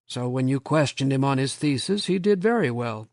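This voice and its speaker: A man voicing a weary, stubborn male professor who speaks quietly but firmly. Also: medium pitch, lively intonation, moderate pace, no room sound, clean studio sound, close to an everyday voice. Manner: tired, quiet, firm.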